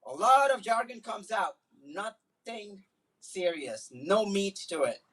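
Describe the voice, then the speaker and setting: A man giving an impassioned public speech at a community event, telling personal stories and building to forceful, emphatic repetition. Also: high voice, lively intonation, measured pace. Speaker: community speaker at a solidarity event. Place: Islamic center event. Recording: voice picked up from a distance.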